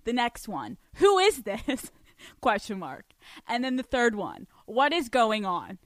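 A young woman hosting a podcast, telling a story in an animated, profane way with lots of laughter. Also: mid-range voice, no room sound. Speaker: podcast host. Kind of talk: storytelling monologue.

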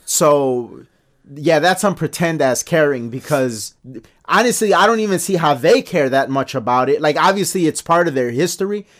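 A man co-hosting a casual podcast discussion, talking in animated bursts with many restarts and pitch jumps when he makes a point. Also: normal speed. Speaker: podcast co-host.

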